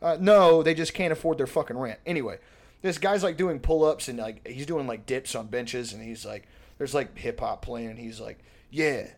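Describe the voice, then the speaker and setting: A man on a casual podcast, telling stories in a rambling, profane, animated way. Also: medium pitch, moderate pace. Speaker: podcast co-host. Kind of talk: casual comedic chat.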